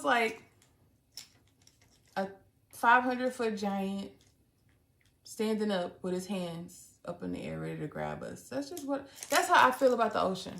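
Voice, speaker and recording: A young woman hosting a live stream, casually telling a story in an animated, dramatic way and laughing often. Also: mid-range voice. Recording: roomy echo.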